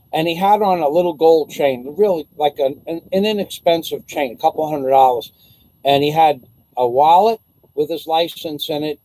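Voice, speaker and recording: A man tells a long personal story to the camera, loose and profane, stumbling over restarts as he plays out every line of dialogue. His voice sits a bit high for a man, yet the tone is warm and mellow. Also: rough recording. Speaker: vlogger. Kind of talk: casual storytelling.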